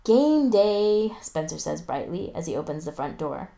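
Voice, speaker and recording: A woman narrating a novel aloud, lively, raising her voice for the teenage characters. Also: fairly quick, creaky. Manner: lively, voices teen boys with raised pitch. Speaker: audiobook narrator.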